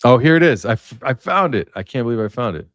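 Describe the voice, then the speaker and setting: A man's voice: mid-range voice, big pitch swings, fast, dry recording, clean studio sound. A man hosting a casual livestream, telling stories in a rambling way with many fillers. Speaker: livestream host.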